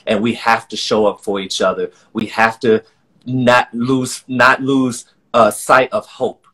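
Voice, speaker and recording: A man's voice: medium pitch, animated, measured pace, a bit bright. A man talking earnestly and emotionally in a live-streamed conversation. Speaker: guest, choreographer and artistic director.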